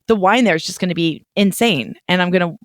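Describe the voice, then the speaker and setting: A woman's voice: fairly low pitch, quick pace, no room sound. A young adult woman co-hosting a podcast, talking in a chatty, rambling way with nervous restarts. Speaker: podcast co-host. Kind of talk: casual chat.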